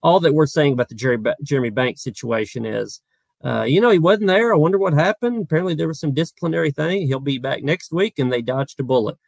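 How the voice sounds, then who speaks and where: A man co-hosting a casual sports podcast, talking quickly with fillers. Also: a little high, creaky, dry recording. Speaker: podcast co-host.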